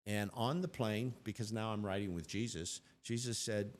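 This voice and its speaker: An older man talks at normal speed in a lowish voice as an interview show guest. His storytelling is lively, and he acts out what people said.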